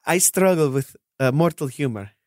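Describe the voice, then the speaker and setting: A man's voice: on the high side, normal speed, heavy background noise, voice pushed up, lightly acted. A man voicing a cheerful, otherworldly ghost woman who guides a group and teases them. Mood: breezy. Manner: breezy, teasing, lively.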